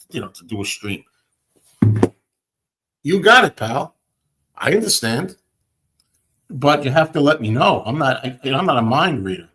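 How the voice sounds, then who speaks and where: A man hosting a show, ranting and telling everyday stories in a casual, animated way. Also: mid-range voice. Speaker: host. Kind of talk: casual chat.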